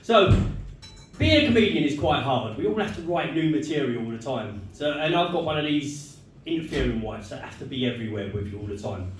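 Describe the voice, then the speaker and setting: A man doing a stand-up comedy set, telling jokes in a deadpan storytelling way and chuckling at his own punchlines. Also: medium pitch, brisk, a little hiss or hum. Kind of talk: stand-up set with crowd work. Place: comedy club stage. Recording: echoey club room, mic far off.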